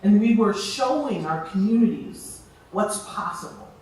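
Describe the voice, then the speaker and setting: Slow, dramatic woman speaker in echoey hall. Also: medium pitch. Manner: expressive, slow and deliberate with dramatic pauses. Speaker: keynote speaker. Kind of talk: storytelling speech to an audience. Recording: very echoey hall, distant mic.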